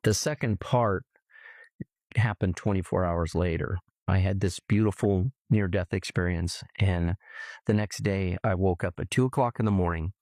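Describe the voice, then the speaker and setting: A middle-aged man from California telling a personal story earnestly, haltingly, often repeating words as he remembers. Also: sits low, a little mellow, no room sound. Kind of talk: personal testimony.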